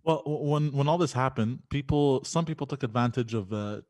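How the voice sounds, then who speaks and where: A man on a podcast telling a story haltingly, restarting and repeating words, and answering with short denials. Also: medium pitch, darkish tone, dry recording. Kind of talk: casual storytelling chat.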